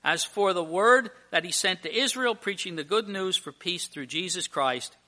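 A man's voice: high-pitched, normal speed, pushed and bright. A male pastor preaching a sermon to his church at communion, emphatic and full of rhetorical questions.

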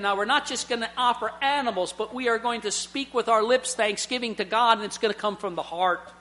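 A man's voice: very high-pitched, brisk, few pauses, bright, forceful tone. A middle-aged man preaching a sermon, telling personal stories earnestly and swelling into emphatic points.

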